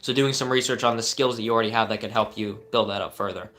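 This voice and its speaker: A man's voice: lowish voice, steady tone, fast, a bit bright. A young man hosting a live stream, answering viewer questions with earnest coaching advice and frequent fillers and restarts.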